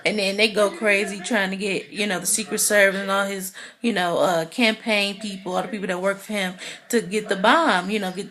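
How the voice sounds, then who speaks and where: Excitable chatty woman recapping a TV episode. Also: medium pitch, moderate pace. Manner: excitable and chatty, full of "you know" fillers. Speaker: TV recap vlogger.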